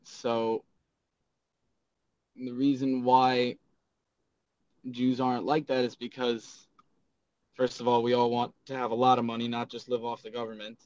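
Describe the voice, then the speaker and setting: A man's voice: mid-range voice, little pitch movement, measured pace, long pauses, darkish tone, clean tone, no room sound. A man giving his view in a class discussion, blunt and rambling, over dull lo-fi video call audio. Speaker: class participant.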